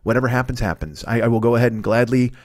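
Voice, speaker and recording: A man in his fifties hosting a solo comedy podcast, ranting in a fast, profane, rambling way with lots of restarts. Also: medium pitch, fairly even intonation, no room sound, clean studio sound. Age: 50s. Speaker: podcast host.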